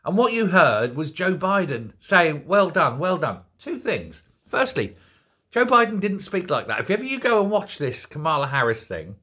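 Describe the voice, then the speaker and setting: An older man hosting an opinion commentary show, ranting in an animated, incredulous way. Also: high-pitched, normal speed. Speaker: host.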